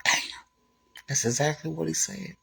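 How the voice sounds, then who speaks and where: A woman casually telling a personal story to camera, animated and blunt, cussing freely and jumping into the voices of the people she quotes. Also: low-pitched, moderate pace, gravelly. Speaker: vlogger.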